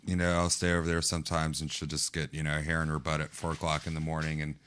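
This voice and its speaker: A man co-hosting a podcast, telling stories in a relaxed, casual way and slipping into animated voice impressions. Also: a bass voice, fast talker, clean tone. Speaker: podcast co-host. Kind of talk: casual chat.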